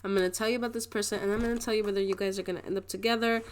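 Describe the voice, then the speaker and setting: A woman's voice: mid-range voice, fairly even intonation, rapid-fire, slight background noise. A young adult woman giving a casual pick-a-card tarot reading, chatty and rambling, often restarting her sentences and laughing. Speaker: tarot reader.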